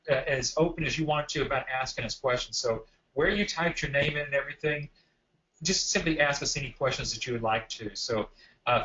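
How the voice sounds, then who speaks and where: Man with a bright, forceful, higher voice, webinar host talking straight to viewers over dull video-call audio. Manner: friendly, addresses viewers directly. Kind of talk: casual webinar hosting.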